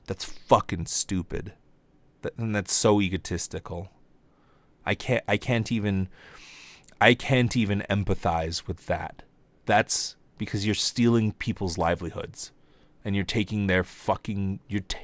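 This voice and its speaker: A young man hosts a comedy podcast, ranting casually and with plenty of profanity, in no hurry. When he gets exasperated, his voice jumps high.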